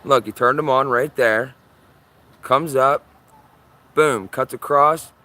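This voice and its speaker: Excitable man livestreaming from his yard. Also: mid-range voice, slow. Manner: excitable, repeats himself, urgent. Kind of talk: live sky-watching commentary.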